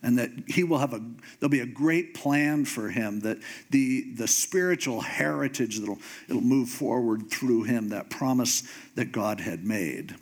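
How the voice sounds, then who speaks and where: A man preaching a sermon, telling a story in a comic way and acting out the characters with sudden jumps in pitch. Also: unhurried. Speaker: pastor.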